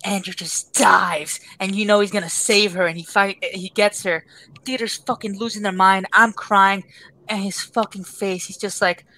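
A woman's voice: medium pitch, fairly even intonation, moderate pace, sharp tone, poor audio. A young woman co-hosting a podcast, gushing about a movie scene, swearing often. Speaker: podcast co-host. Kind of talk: casual chat, movie talk.

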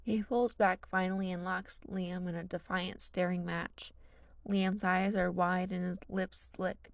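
A woman's voice: lowish voice, level tone, a little slow, gravelly, no room sound. A woman narrating a fan fiction story in a casual, wry reading style.

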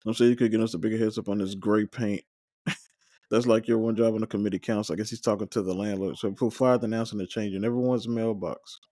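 A man hosting a watch-along, recapping scenes and reading out the characters' lines with quick joking asides. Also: lowish voice, fairly even intonation, dark tone, dry recording, studio quality. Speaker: watch-along podcast host. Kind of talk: casual recap, reading dialogue aloud.

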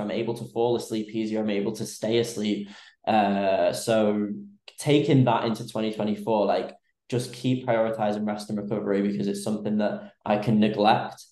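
A young adult man, a fitness coach, chatting casually on a podcast in a relaxed, rambling way with many fillers. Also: fairly low pitch, moderate pace. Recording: roomy echo.

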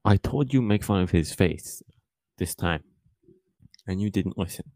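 Man, very deep, gravelly, mellow tone, deadpan co-host. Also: unhurried, no room sound. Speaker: podcast co-host. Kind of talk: comedic improvised podcast bit.

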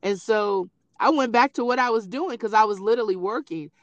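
A middle-aged woman in casual conversation, telling family stories in an animated way. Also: a little high, a little fast, dry recording. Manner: animated storyteller who acts out quoted voices. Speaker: grieving mother sharing memories.

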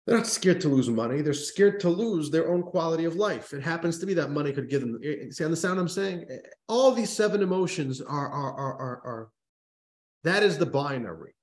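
Male rabbi teaching, slightly high voice, emphatic, lots of restarts, roomy echo. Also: expressive, a little fast, a little mellow. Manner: storytelling, emphatic with repeated restarts. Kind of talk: teaching a religious text class.

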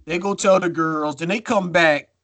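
A man cohosting a podcast, telling stories in a casual, profane, animated way. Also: fairly high pitch, moderate pace, no echo. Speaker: podcast co-host.

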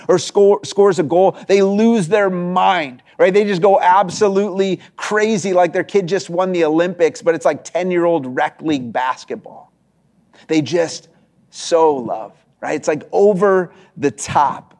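A man in his thirties, a pastor giving a sermon in a conversational storytelling way, full of restarts and asides asking "right?". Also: sits high.

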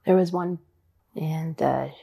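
A woman, a ballet dancer, answering interview questions in a thoughtful, halting way, often searching for words. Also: deep voice, gravelly, warm tone, husky. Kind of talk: interview conversation.

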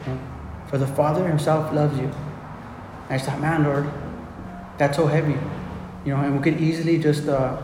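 Earnest preacher in an echoey hall. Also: male voice, a little high, little pitch movement, normal speed, pauses often, background noise. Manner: earnest, repetitive, many restarts. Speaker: pastor. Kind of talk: sermon. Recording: echoey hall with faint ambience.

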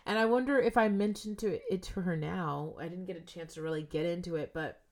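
A young woman sits in as a podcast guest, chatting casually and swearing freely. Her voice sits a little low. She swings between loud, animated bursts and hushed near-whispers. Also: fairly quick. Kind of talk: casual chat.

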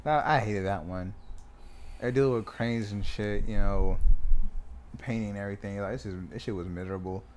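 A man telling a story in casual chat, swearing freely and acting out the quotes loudly. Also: lowish voice, moderate pace, a little hiss or hum. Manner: animated, swears a lot, acts out quotes loudly.

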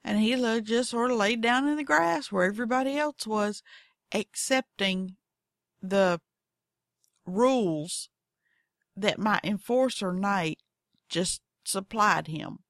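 A woman's voice: medium pitch, slow pace, long pauses, fairly bright tone, no room sound, clean studio sound. A woman with a Southern accent hosting a podcast, telling goofy, folksy stories in casual monologue. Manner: goofy, folksy, acts out her cats in voices. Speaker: podcast host.

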